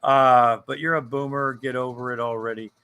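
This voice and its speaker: A man's voice: medium pitch, level tone, normal speed, bright, forceful tone, clean tone. An older man co-hosting a casual livestream chat, joking, rambling and swearing freely. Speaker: co-host.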